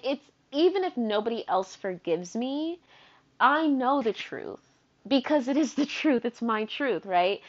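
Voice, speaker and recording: A young woman in her twenties from the United States telling a story in a casual monologue, animated and slangy, swearing freely and cutting herself off. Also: fairly high pitch. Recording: dull lo-fi sound.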